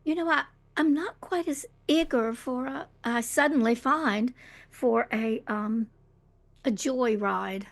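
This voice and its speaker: A woman's voice: a little high, slow pace, gravelly. A woman playing a tabletop game, talking in a hesitant, polite way with many fillers. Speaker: player. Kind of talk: tabletop role-play.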